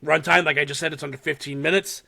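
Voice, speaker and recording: Talking fast in a gravelly, higher-pitched voice, a man co-hosting a podcast recaps a horror short with real animation, dropping frequent swears and laughing through the story.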